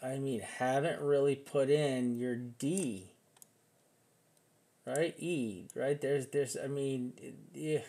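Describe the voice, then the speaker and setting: This man walks through crypto price charts in a relaxed live session, rambling and restarting as he thinks, swearing casually. He talks slowly in a medium-pitched voice with a dark tone.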